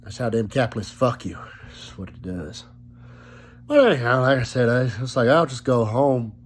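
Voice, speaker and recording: A young man vlogs from his sofa at home, casually spinning a meandering, profane story about his sickness as a little cough remains. The mid-range voice is animated and fairly quick, with a little hiss or hum in the recording.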